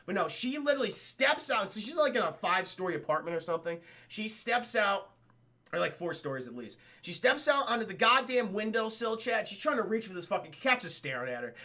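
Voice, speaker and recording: A man's voice: high voice, sing-song, a little fast, pushed and bright. A young man streaming a casual, profane film recap, constantly talking to his chat. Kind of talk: casual livestream commentary.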